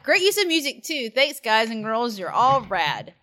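A woman co-hosting a podcast, reading listener reviews aloud in a lively, giggly way. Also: fairly high pitch, normal speed. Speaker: podcast co-host.

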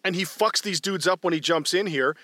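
A man in casual movie commentary chat, retelling scenes in a profane, animated way. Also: high-pitched, brisk, no room sound. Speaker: podcast co-host.

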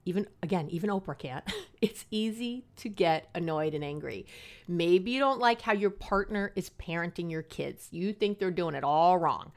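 A woman's voice: lowish voice, animated, moderate pace. A middle-aged woman counselor hosting an advice podcast, talking in a chatty, earnest and passionate way and laughing at herself. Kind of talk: casual advice podcast monologue.

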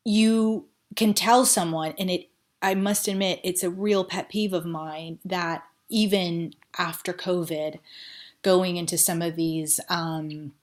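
A woman's voice: on the low side, steady tone, slow. A woman guest on a podcast, a neuroscientist explaining her points in an emphatic, frank conversational way. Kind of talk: conversational interview.

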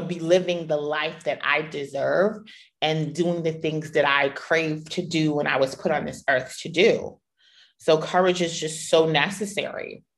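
Low-voiced woman, candid and playful. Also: a bit bright. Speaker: podcast host. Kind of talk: personal storytelling monologue.

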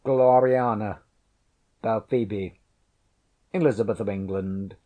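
In a storybook reading, a man performs the character voice of a disguised queen, a proud and teasing noblewoman whose speech is archaic, haughty, and wry. His voice is lowish, slow, and dark-toned, and the mood is wry and regal.

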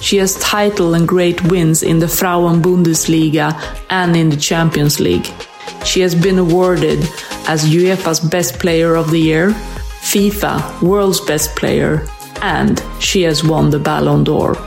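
Gravelly woman narrating an intro. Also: low voice, fairly even intonation, darkish tone, faint music behind. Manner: measured, formal. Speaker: podcast host.

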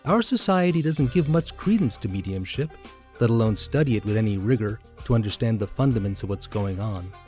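A man's voice: fairly low pitch, lively intonation, brisk, darkish tone. Man narrating a podcast intro over music. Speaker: podcast host. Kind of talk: scripted narration.

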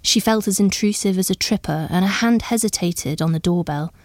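A woman narrating a story in a measured, even storytelling manner. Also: mid-range voice, dry recording, studio quality. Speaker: audiobook narrator.

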